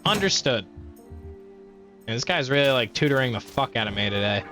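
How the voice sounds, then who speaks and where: A man's voice: medium pitch, expressive, brisk. A young man casually commentating his own gameplay, swearing often and trash-talking enemies. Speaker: gaming streamer. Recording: faint background game music.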